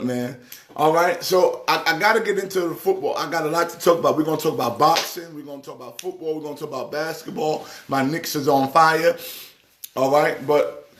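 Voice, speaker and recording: Man, middle-aged, from new york, high-pitched voice, casual live-stream sports chat, teasing, preacher-like calls. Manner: animated, teasing, preacher-like exhortation. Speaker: church organist hosting a live stream.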